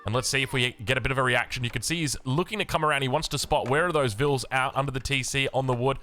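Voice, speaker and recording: An Australian man commentates a strategy game with upbeat, chatty energy. His voice is bright and forceful, with a slight early-morning roughness. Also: mid-range voice, fast talker. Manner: upbeat, chatty, with casual fillers. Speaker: game caster. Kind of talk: esports play-by-play commentary.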